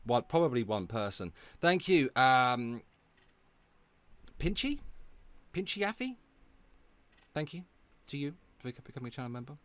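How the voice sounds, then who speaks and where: Fairly quick and smooth in a mid-range voice, this livestreamer rants profanely and sarcastically, breaking into loud outbursts. Between tirades he thanks viewers who donate.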